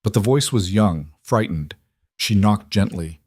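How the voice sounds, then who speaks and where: A man giving steady, measured scripted narration of a story. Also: fairly low pitch, no echo, studio quality.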